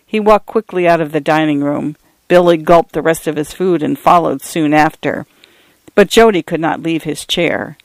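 A man reads a story aloud in a measured audiobook style, giving the characters' lines a light touch of voice. His voice sits a little high. The sound is close and dry, with no room around it. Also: no room sound. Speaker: audiobook narrator. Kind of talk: scripted narration.

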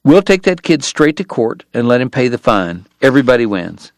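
A man's voice: medium pitch, sing-song, normal speed, no echo, studio quality. A man voicing a fretful frontier mayor who pleads and placates in a raised voice. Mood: placating.

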